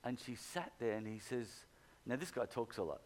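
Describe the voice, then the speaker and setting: A man delivering a sermon as a story. He tells it in an animated, conversational way and slips into the voices of the people in his tale. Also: mid-range voice, moderate pace. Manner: animated anecdote, acts out quoted people. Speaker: preacher.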